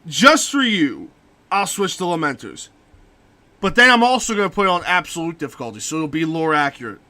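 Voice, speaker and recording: Fast, bright, and forceful, this young streamer's voice sits on the high side with lively intonation. While gaming, he chats casually and launches into swear-filled rants about books.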